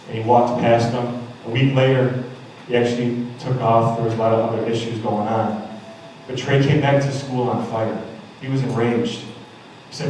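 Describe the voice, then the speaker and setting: A man's voice: medium pitch, normal speed, darkish tone, a little hiss or hum. A man giving a motivational speech at a school assembly, telling emphatic stories and acting out the quotes. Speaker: motivational speaker. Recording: echoey hall heard from far off.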